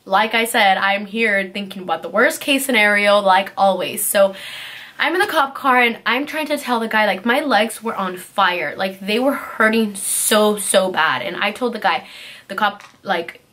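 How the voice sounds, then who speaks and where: A young woman vlogger telling a casual storytime in an animated way, filling her speech with "like" and acting out what people said. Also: mid-range voice, moderate pace. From California. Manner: animated, heavy use of "like", acts out quotes.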